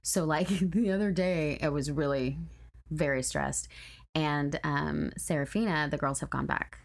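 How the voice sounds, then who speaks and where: A woman's voice: low-pitched, measured pace, vocal fry. A woman co-hosting a podcast, chatting casually and reading listener stories in a blunt, profane way. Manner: blunt, profane, animated when ranting. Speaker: podcast co-host.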